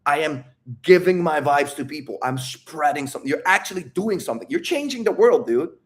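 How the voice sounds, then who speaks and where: Fired-up, swearing man, slightly high voice. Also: a little fast. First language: not English. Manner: energetic, profane, rambling. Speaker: livestream Q&A host. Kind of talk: live unscripted monologue to chat.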